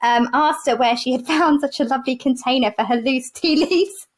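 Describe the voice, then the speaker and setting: A woman with a noticeably high voice, speaking as a doctor in a relaxed podcast conversation. She tells patient stories with animation, slipping into the voices of the people she quotes and laughing along the way. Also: normal speed. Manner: animated storyteller who acts out quoted voices and laughs often. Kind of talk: casual chat, telling anecdotes.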